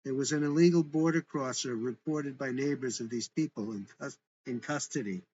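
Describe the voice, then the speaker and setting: A man's voice: medium pitch, moderate pace, a little mellow, dull audio, a little hiss or hum, lightly acted. A man voicing a stern, officious male federal agent who speaks curtly. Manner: curt, officious.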